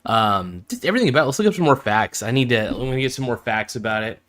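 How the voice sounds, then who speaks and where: A man's voice: mid-range voice, lively intonation, fast, a bit bright. A man hosting a live-streamed phone review, talking casually with lots of fillers, restarts and enthusiastic asides. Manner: enthusiastic fan, easily impressed.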